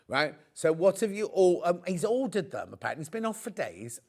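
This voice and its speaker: Man, middle-aged, shopping channel host, fairly high voice, very animated pitch, chatty and jokey. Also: a little fast, few pauses. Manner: chatty, jokey, rambling into anecdotes. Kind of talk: live shopping presentation with chatty banter.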